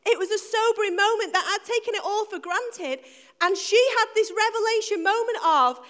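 A woman's voice: very high-pitched, normal speed, a bit bright. A middle-aged woman preaching an Easter sermon to her church, telling a personal story and building to emphatic, repeated lines.

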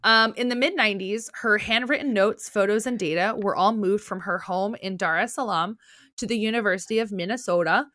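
A woman's voice: mid-range voice, a little fast, a bit bright, no room sound. A young woman with a New Jersey accent, co-hosting a podcast in casual chat, full of "like" fillers and swearing. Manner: chatty, lots of "like" fillers, swearing. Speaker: podcast co-host.

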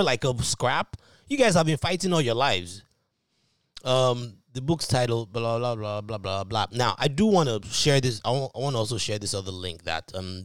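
Low-voiced guy on a podcast, reads stuff out then gets all worked up and mocking, dry close sound. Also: no room sound. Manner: animated, mocking when reacting. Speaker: podcast co-host. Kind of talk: casual podcast chat.

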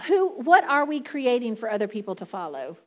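A woman's voice: fairly high pitch, very animated, brisk. A middle-aged woman preaching a sermon in a chatty, conversational way, laughing often.

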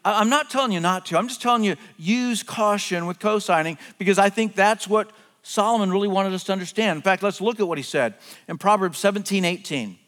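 A middle-aged man preaching a sermon earnestly, often dropping to hushed, drawn-out words for emphasis. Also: high voice. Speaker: pastor. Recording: long hall reverb, faint music behind.

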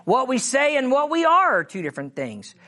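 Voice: high-pitched, huge pitch swings, pushed and bright. A preacher teaching from the Bible in a sermon, reading scripture with emphasis and often checking in with "Amen?" and "All right?". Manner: reads scripture slowly, with emphasis.

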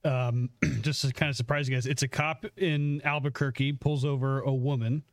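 A man's voice: mid-range voice, fairly even intonation, normal speed, no room sound, clean studio sound. A man co-hosting a podcast, retelling a story in a rambling, casual way full of ums.

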